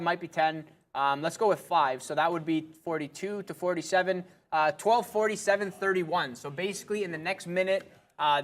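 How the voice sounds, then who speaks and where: A man talks through live trades on a day-trading broadcast, keeping it loose with plenty of fillers. His voice sits slightly higher than most men's. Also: fairly bright tone. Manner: casual, loose, many fillers.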